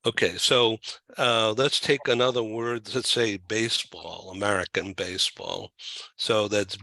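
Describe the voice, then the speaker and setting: A man hosting an interview, asking questions in a halting way with many fillers and restarts. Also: fairly low pitch, steady tone, vocal fry, pushed and bright, no room sound, rough recording. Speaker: talk show host.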